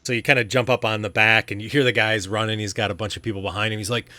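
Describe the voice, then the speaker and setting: A man's voice: fairly low pitch, little pitch movement, rapid-fire, pushed and bright, no room sound. A man narrating a tabletop game as game master, rambling with many ums and restarts.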